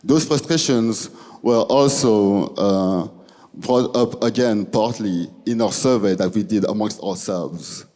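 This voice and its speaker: Young French-accented Belgian man, low dark voice, hesitant student presenter, long hall reverb. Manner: halting, restarting phrases. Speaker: student speaker. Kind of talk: presentation speech.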